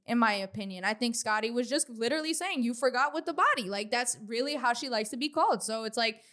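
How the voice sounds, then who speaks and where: Opinionated woman podcaster, slightly high voice. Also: fairly bright tone. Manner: opinionated, profane, mimics others mockingly. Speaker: podcast co-host. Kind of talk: casual gossip podcast chat.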